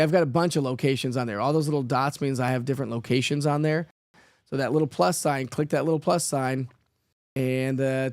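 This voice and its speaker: A middle-aged man hosting a live weather stream chats with his audience, reading their comments out loud and responding with plenty of fillers and laughter. His mid-range voice is a little mellow, recorded in clean studio sound without echo.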